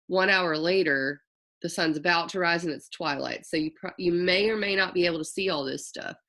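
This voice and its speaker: A woman's voice: lowish voice, gravelly, bright, forceful tone. A woman astrologer giving a loose, chatty forecast, often stopping to correct herself and tossing in slang. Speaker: astrologer host.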